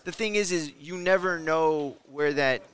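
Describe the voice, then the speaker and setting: A man's voice: a little high, a little slow, a bit bright, clear, resonant tone. A man co-hosting a casual boxing talk show, reflective and agreeable. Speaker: boxing podcast co-host. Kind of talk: casual chat.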